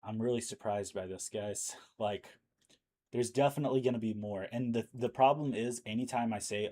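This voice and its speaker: A man hosts a live news stream in a lowish, mellow voice at normal speed. He talks casually, thinking aloud with fillers, and he's losing his voice.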